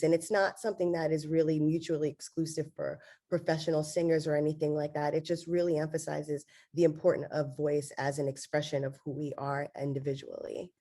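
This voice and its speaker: A woman laryngologist giving an online medical lecture, with a congested, nasal voice and frequent "um"s. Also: deep voice. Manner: steady explanatory delivery with frequent fillers.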